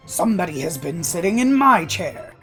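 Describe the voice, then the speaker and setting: A woman's voice: on the low side, very animated, moderate pace, over music. A woman voicing a middle-sized male bear in a plain, matter-of-fact storybook voice. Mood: puzzled.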